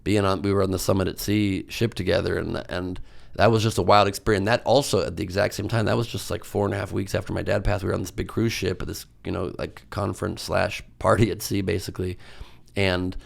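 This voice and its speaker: A man's voice: low voice, level tone, quick pace, vocal fry. A man, a comedian guest on a podcast, telling stories in a rambling, self-mocking way with lots of fillers. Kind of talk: casual podcast storytelling.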